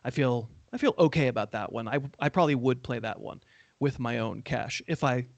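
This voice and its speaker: A man hosting a casual sports betting show, talking in a relaxed, self-deprecating, wry way. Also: medium pitch, fairly quick, creaky, dry recording, muffled recording. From California. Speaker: host.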